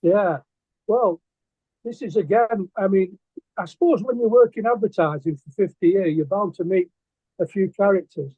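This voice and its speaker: An older man with a fairly high, husky voice, spinning loose anecdotes full of ums and restarts. The sound is dry and thin, as if it came over a phone line. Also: moderate pace, dry recording. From England. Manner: rambling, hesitant, with many fillers and restarts. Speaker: guest artist and poet. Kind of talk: casual interview storytelling.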